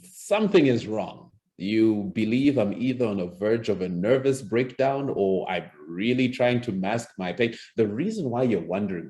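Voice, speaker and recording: A man's voice: lowish voice, dark tone. A man teaching presentation skills as a public speaking coach, demonstrating by shifting his tone and pace. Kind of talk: recorded presentation lesson.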